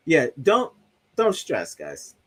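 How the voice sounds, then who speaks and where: A man's voice: fairly high pitch, huge pitch swings, slow, fairly bright tone. Man casually hosting a livestream. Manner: loose, joking, talks to himself about a broken soundboard. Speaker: livestream host. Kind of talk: casual livestream chat reading comments.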